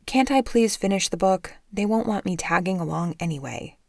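A woman voicing a withdrawn, bookish eleven-year-old girl in an audiobook, speaking softly and subdued. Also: medium pitch, expressive, normal speed, creaky, no room sound, clean studio sound. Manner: soft, subdued.

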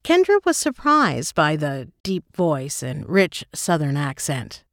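A woman's voice: sits low, huge pitch swings, fairly bright tone, no room sound, studio quality. Woman narrating a romance audiobook. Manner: measured, descriptive. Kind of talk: scripted narration.

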